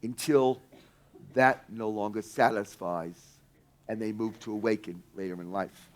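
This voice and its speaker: Intense man telling a story, loud to hushed. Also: lowish voice, steady tone, a little slow. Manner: intense, swings from loud to hushed, swears casually. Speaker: speaker teaching a workshop. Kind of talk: storytelling talk to a live audience.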